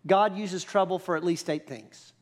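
A man's voice: sits high, moderate pace. A man preaching a sermon as pastor, explaining scripture in a conversational, emphatic way. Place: church.

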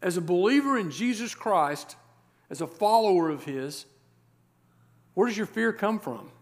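A male pastor preaching a sermon, reading scripture verses and explaining them with rhetorical questions and slowed, stressed words. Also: high voice, expressive. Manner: emphatic, slows down to stress key words.

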